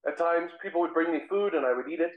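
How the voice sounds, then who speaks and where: A fervent, earnest apostle Saul, played by a man in a first-person dramatic monologue. He tells the story in measured phrases broken by dramatic pauses. His voice sits slightly high and rings in a roomy, echoing space. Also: narrow, tinny audio, natural voice. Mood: remorseful. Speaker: guest speaker. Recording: roomy echo.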